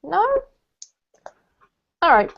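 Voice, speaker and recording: A woman teacher leading an online English lesson, praising students and explaining pronunciation step by step. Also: very slow. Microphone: video call. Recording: dull lo-fi video call audio.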